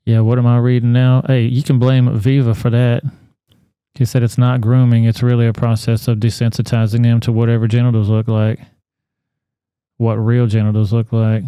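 A man's voice: medium pitch, completely flat delivery, moderate pace, dark tone, smooth, no echo, clean studio sound. A man, hosting a podcast and giving blunt, profane commentary on news stories. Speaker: podcast host. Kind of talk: casual chat, reading news.

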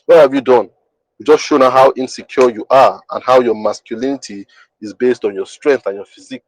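A man of ordinary pitch hosts a podcast and teaches in a monologue. He talks emphatically, repeats his points and keeps checking that the listener understands. His voice sounds dry and close. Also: a little fast, dry recording, rough recording. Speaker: podcast host.

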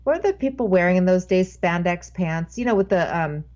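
A woman's voice: on the low side, lively intonation, brisk, darkish tone, highs cut off. Rambling woman guest telling a story. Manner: rambling, self-interrupting storyteller. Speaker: podcast guest. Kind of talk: casual anecdote telling.

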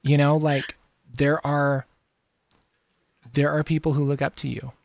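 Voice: mid-range voice, flat delivery, unhurried, creaky, dry recording, studio quality. A host in a casual interview, playful and encouraging toward the guest. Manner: playful, encouraging, prone to silly voices.

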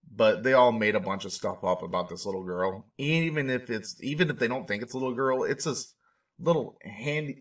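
A man's voice: on the low side, a bit bright. Indignant man ranting, slightly distant mic. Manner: emotional, indignant, rambling. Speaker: podcast host reacting to a documentary. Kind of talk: casual commentary.

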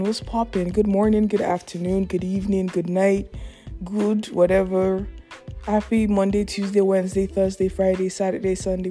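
A woman's voice: medium pitch, warm tone. A young woman hosting her own podcast in casual solo chat, rambling and playful, often laughing. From Yoruba family background. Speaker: podcast host.

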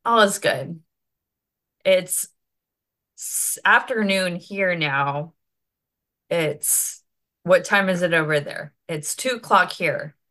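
Woman podcast host, upbeat and chatty, slow delivery, bright lowish voice. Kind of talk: casual podcast chat.

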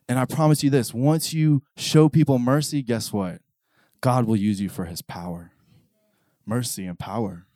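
A man preaching a sermon and telling personal stories, swinging between hushed intensity and loud exclamation. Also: medium pitch, no room sound.

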